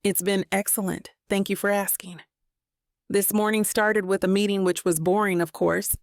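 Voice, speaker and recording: A woman's voice: medium pitch, little pitch movement, moderate pace, dry recording, clean studio sound, natural voice. A woman voicing a courteous, eager-to-please young man on a date in an audiobook. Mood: polite. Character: polite smooth-talking young man on a date.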